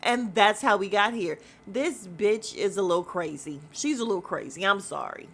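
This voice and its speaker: A woman at a middle pitch hosts a casual recap podcast. She talks bluntly and gossips freely, mixing in slang and cursing. Her talk rambles with plenty of fillers. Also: normal speed. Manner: chatty and rambling, with frequent fillers. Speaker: podcast host recapping a reality show.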